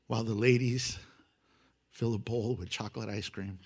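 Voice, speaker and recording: A man preaching a sermon, animated, swinging from loud emphasis to hushed, intimate asides and acting out prayers with humor. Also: fairly low pitch, breathy edge. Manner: acts out prayers and voices with humor. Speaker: pastor.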